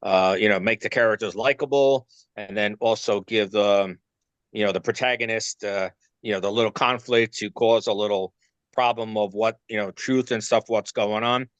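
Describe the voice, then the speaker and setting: A man's voice: fairly low pitch, steady tone, normal speed, clear, resonant tone, dry recording, lo-fi sound. A man with a New York accent, speaking as an interview guest in a loose way, with many fillers while he searches for words. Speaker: actor and filmmaker guest. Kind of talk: casual interview talk.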